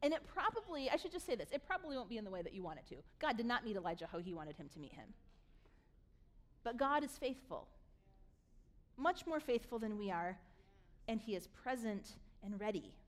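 Woman pastor, high voice, animated preaching, acts out scenes. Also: brisk. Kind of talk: sermon.

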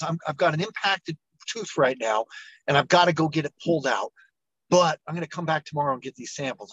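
A middle-aged man spins a long story as an interview guest, jumping into the voices of the people he quotes. His voice sits a bit high for a man, and the sound is dry and close, with no room around it. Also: breathy edge, no room sound, muffled recording. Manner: animated storyteller, acts out quoted dialogue. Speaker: entrepreneur guest.

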